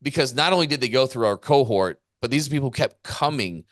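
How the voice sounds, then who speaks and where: A man's voice: mid-range voice, lively intonation, brisk, no echo, studio quality. A man co-hosting a podcast as a business coach, talking in a fired-up, emphatic way and repeating his points for weight. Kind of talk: casual podcast chat.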